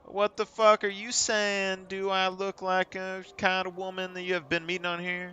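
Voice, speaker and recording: Offended young woman snapping back, high and shrill , a guy faking it, bright clean tone. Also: monotone, moderate pace, clean tone. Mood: outraged. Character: indignant young woman online, quick to take offense.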